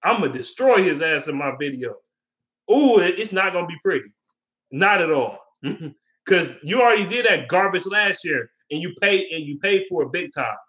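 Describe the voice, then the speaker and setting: On his vlog, a man goes off about sports in an animated, fairly bright voice that sits high, keeping a moderate pace. He's heated and profane, circles back over the same points, and fields questions from his viewers.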